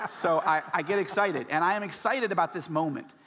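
A man giving a guest talk at a church. He is passionate and animated and often restarts his sentences. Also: fairly high pitch, moderate pace, big-room sound. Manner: excitable and animated, many restarts. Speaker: guest speaker.

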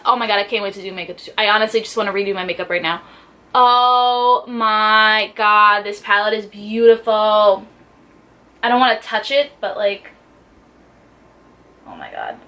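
A young woman beauty vlogger chats excitedly about makeup, gushing and piling on filler words. Her voice sits a little high and sounds bright and sharp. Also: fast talker. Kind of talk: casual unboxing chat.

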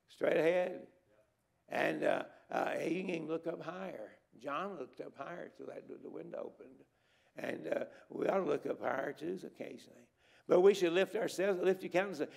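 A middle-aged man delivers an emphatic sermon from a church pulpit. His voice is gravelly and pitched a little high. He exhorts the listeners and repeats key words to drive his points home. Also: moderate pace. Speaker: preacher. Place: church sanctuary at a conference.

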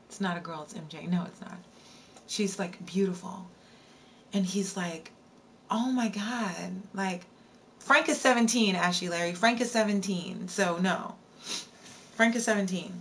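A woman's voice: on the low side, unhurried, pauses often, a bit bright, slight background noise. A woman live streamer telling a spooky story in a casual way, repeating lines and breaking off to answer her chat. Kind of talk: storytelling on a livestream.

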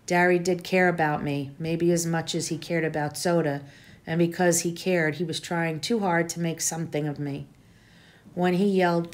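A woman teacher with a somewhat low voice reads a novel aloud for her class. She carries the first-person narration in a plain, steady read-aloud way, dialogue included. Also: moderate pace. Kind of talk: reading a novel aloud to students.

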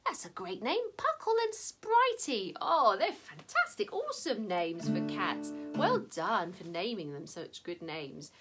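A woman leading a live-streamed children's singalong, chatting warmly and cheering the kids on. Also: on the low side, very animated, unhurried, hardly any pauses. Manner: bubbly, encouraging, talks straight to young children. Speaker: children's music session leader. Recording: loud strummed guitar over the voice.

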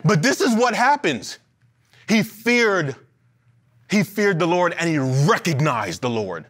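A man preaching a sermon as pastor in a church, animated, with playful asides and acted-out quotes. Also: sits high, measured pace. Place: church sanctuary.

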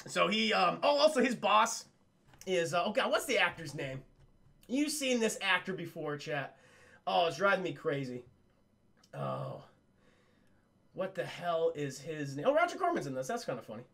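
A man's voice: high-pitched, wildly swooping pitch, normal speed, gravelly, pauses often, fairly bright tone. A man streaming a casual film recap, rambling and swearing while constantly addressing his chat.

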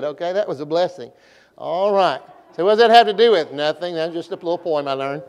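A man's voice: a little high, a little fast. A middle-aged man, a pastor preaching at a revival meeting in a church, folksy and repetitive, leading the congregation in call-and-response. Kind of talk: revival sermon. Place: church sanctuary.

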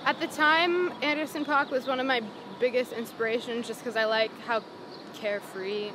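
This is a twenty-something woman from Los Angeles, a singer-songwriter guest, whose voice sits on the high side with a steady tone and moderate pace. Interviewed casually on a city sidewalk amid street noise, she chats her way through a story, laughing a lot and saying "like" over and over.

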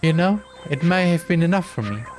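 A man's voice: a little high, lively intonation, brisk, a little mellow, soft background music, pitched above the performer's own voice, natural voice. A man voicing a sinister, cheerful male TV show host who mocks and commands his guest. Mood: gloating. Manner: gloating and mocking, showman announcements.

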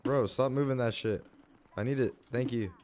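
A young man giving live commentary on his own gameplay as a streamer, excitable and swearing, swinging from low mutters to yelling. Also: normal speed, faint music behind.

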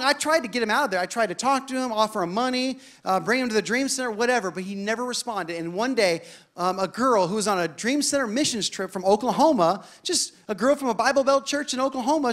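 Man, pastor, very high voice, lively sermon storytelling, builds to shouting. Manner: animated, building to shouted declarations.

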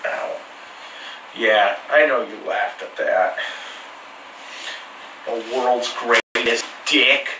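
A man's voice: medium pitch, very slow, long pauses, noisy background. Rambling profane man in an echoey room. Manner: crude, profane and joking, with many restarts. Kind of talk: rambling casual monologue. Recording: echoey room, mic far off.

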